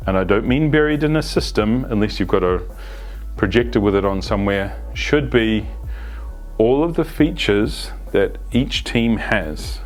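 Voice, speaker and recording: A man's voice: medium pitch, a little mellow. A man gives an unscripted, conversational explanation as an agile coach, often restarting phrases and adding asides. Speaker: agile coach presenting a video series. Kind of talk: unscripted instructional talk.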